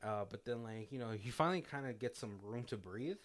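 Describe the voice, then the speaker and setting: Man, podcast co-host, casual film chat, lively storytelling, breaks into laughter, acts out quotes. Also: medium pitch, a little fast. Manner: animated retelling, acting out quotes, frequent laughter. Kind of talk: casual movie commentary chat.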